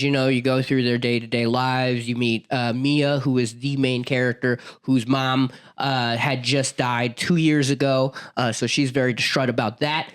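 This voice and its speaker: A young man co-hosting a casual podcast, talking loosely with plenty of "uh" and "like" as he recaps a plot. His pitch sits mid-range for a man, and he laughs easily and swears freely. The talk is relaxed and chatty. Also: clear, resonant tone. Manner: rambling, filler-heavy, laughs often. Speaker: podcast co-host. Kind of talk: casual chat.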